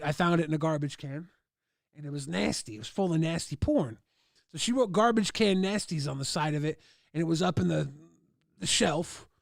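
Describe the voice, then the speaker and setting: Male streamer, high gravelly voice, dry close sound, rambling crude storyteller. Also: no echo. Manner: rambling crude anecdotes with many "like" fillers; acts out others' lines in raised voices. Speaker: livestream host. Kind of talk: casual storytelling.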